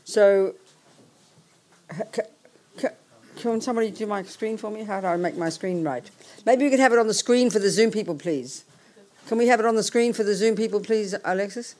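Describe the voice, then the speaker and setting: A woman's voice: medium pitch, fairly quick, darkish tone. An older woman, a Buddhist nun, teaching in a blunt, outspoken and bossy casual manner.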